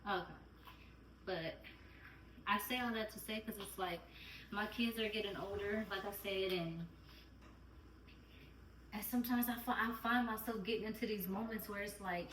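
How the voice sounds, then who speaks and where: A woman's voice: medium pitch, normal speed, a little hiss or hum. A woman vlogging as a mom, talking candidly and earnestly and repeating her phrases. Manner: earnest, repeats phrases, close to tears at times. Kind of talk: candid heartfelt chat. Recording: roomy and distant home recording.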